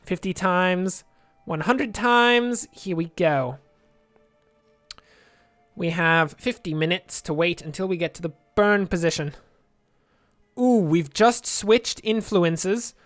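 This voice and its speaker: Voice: mid-range voice, takes it slowly, a bit bright, no room sound, soft background music. A let's play gamer giving chatty game commentary, thinking aloud and drifting into jokey tangents.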